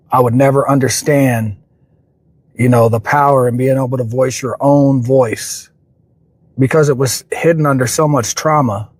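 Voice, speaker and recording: A man's voice: medium pitch, no echo. A man hosting a livestream and giving a reflective, motivational talk. He speaks earnestly and keeps circling back to repeat his points. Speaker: livestream host.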